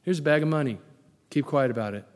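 Preacher playing conspiring rulers, hushed low voice, lingering hall reverb. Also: male voice, quick pace, close to an everyday voice. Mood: conspiratorial. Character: scheming religious rulers bribing guards, men.

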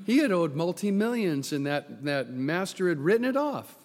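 A man preaching a sermon, swinging from loud bursts to hushed near-whispers and acting out the voices in his story. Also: fairly high pitch, very animated, moderate pace. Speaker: pastor. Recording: long hall reverb.

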